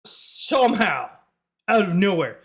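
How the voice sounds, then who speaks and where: A man's voice: sits high, big pitch swings, slow pace, creaky, fairly bright tone, husky. A man streaming live, reacting to clips in a loose, rambling way and swearing freely.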